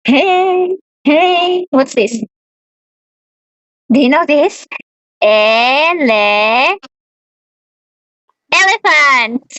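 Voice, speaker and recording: A young woman teaching a beginner English lesson to a child, repeating words slowly and laughing often. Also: high-pitched, animated, a bit bright, dry recording, dull audio.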